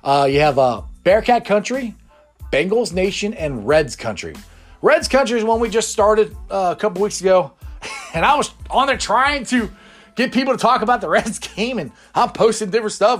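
Animated, chatty sports show man. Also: high voice, moderate pace, soft background music. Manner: rambling and chatty, laughs often. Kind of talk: casual sports talk.

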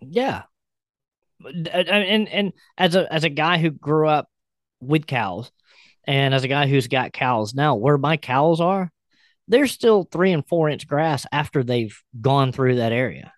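A man's voice: on the high side, lively intonation, unhurried, no echo, studio quality. Blunt, wry male podcast host. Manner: wry, blunt, laughs while reading. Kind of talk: casual chat, reading a post aloud.

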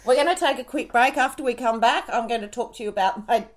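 A woman, co-hosting a podcast in casual chat, blunt and quick to swear. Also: on the high side. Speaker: podcast co-host.

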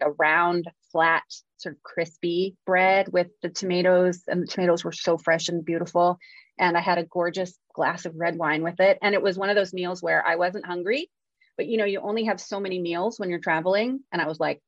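A woman's voice: on the low side, no room sound. A woman co-hosting a podcast, chatting casually and jokingly acting out her own thoughts. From California. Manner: chatty, self-mocking, acts out quotes. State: jet-lagged. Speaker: podcast co-host. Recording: slightly dull, dry audio.

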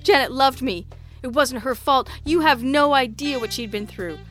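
A woman's voice: high voice, normal speed, fairly bright tone, soft background music, pitched above the performer's own voice. A woman reading an audiobook, voicing a desperate middle-aged male official who snaps defensively and breaks into sobs. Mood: anguished.

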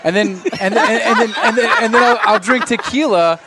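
A man's voice: high voice, brisk, very noisy. A man chatting on a podcast, rambling and playful, acting out his own lines. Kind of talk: casual chat.

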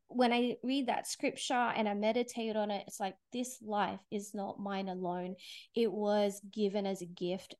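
A woman's voice: medium pitch, darkish tone. A woman guest giving an earnest, emotional faith testimony in conversation, laughing through tears at times. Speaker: podcast guest.

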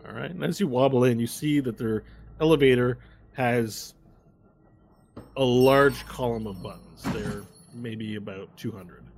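A man narrating a tabletop game as game master, in a relaxed, meandering way. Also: medium pitch, unhurried, creaky, slight background noise.

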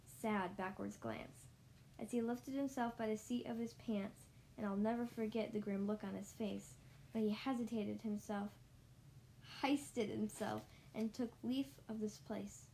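A woman's voice: medium pitch, fairly even intonation, dark tone, a little hiss or hum, rough recording. Woman reading a rhyming storybook. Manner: rhythmic, sing-song rhymed reading, slowing for emphasis. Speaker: storybook reader. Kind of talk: rhyming storybook read-aloud.

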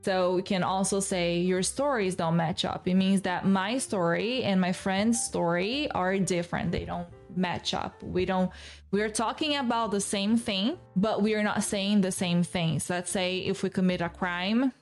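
A woman's voice: mid-range voice, unhurried, faint music behind. Patient woman teaching English. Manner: patient, explains step by step, repeats key words. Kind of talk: English lesson explanation.

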